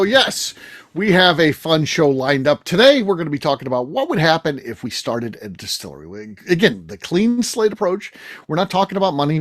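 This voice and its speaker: A man's voice: a little high, dry recording, clean studio sound. A man hosting a roundtable podcast, upbeat and steering the talk. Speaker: podcast host. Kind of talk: roundtable chat.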